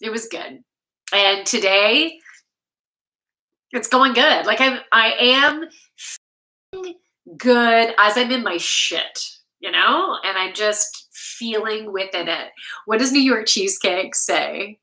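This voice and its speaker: A woman's voice: fairly high pitch, slow, pauses often, bright, forceful tone, poor audio. A woman from Canada, a yoga instructor, chatting casually and candidly on a live stream from home, swearing freely and laughing often. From Canada, Toronto. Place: home room.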